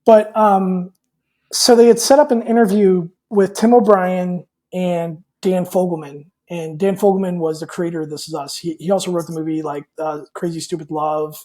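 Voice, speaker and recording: Mellow-voiced man telling a rambling story. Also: sits high, fairly even intonation, normal speed. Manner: rambling, with many fillers and repeated words; candid and personal. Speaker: podcast guest. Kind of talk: casual storytelling in an interview.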